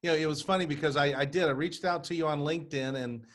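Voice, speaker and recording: A man's voice: fairly high pitch, steady tone, fast. A man hosting an interview in casual chat. He is friendly and often stops and repeats words as he talks. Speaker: podcast host.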